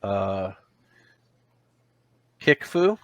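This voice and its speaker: Brief: male game master, bright and dry close-mic sound, loose rambling narration. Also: lowish voice, sing-song, very slow, no room sound. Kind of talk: narrating a tabletop role-playing game.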